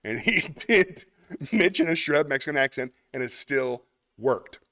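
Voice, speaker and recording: A man's voice: a little high, expressive, unhurried, fairly bright tone, no echo, studio quality. A man hosting a live online show, chatting casually as he reads viewer comments, rambling and laughing often. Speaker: host. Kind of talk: casual live-stream chat reading comments.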